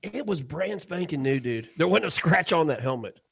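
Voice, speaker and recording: A man co-hosting a podcast, telling a crude story in a casual, animated way and laughing often. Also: on the high side, normal speed, creaky, breathy edge, no echo. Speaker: podcast co-host.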